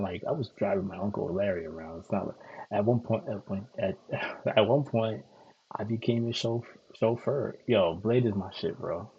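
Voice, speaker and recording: A man's voice: on the low side, darkish tone, husky, lo-fi sound. A man from Connecticut talking casually and at length, loose and profane, repeating himself and filling gaps with "like" and "um". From Connecticut, USA. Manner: loose, profane, repetitive storytelling with many fillers. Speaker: streamer host. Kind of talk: casual rambling monologue.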